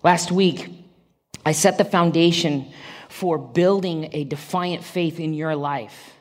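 A woman with a low, slow voice preaches a sermon to a church congregation. Her style is conversational, with direct questions to her listeners and dry, humorous asides.

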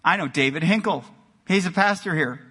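A male pastor delivering an energetic sermon in a church, moving between loud exclamations and quiet emphasis. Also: on the high side, fairly quick, husky. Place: church sanctuary. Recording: long hall reverb.

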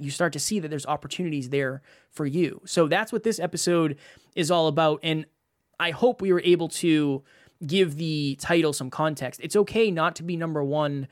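A man's voice: fairly high pitch, no room sound, clean studio sound. A man hosting a podcast, speaking energetically in casual chat and asking rhetorical questions. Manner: energetic, uses sports examples, asks rhetorical questions. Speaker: podcast host and producer.

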